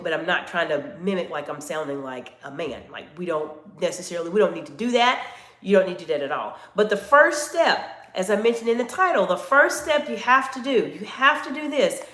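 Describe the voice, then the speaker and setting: A woman's voice: mid-range voice, a bit bright, roomy sound. A woman coaching live-stream viewers on communication, speaking directly to them in an instructive way and reading out their chat comments.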